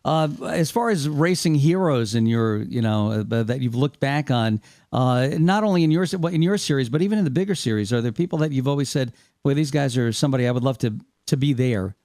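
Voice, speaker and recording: A man's voice: mid-range voice, lively intonation, fairly quick, a little mellow, no echo, studio quality. An older man hosting a radio interview, asking long, chatty questions. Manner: talkative, leading long questions. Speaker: radio host.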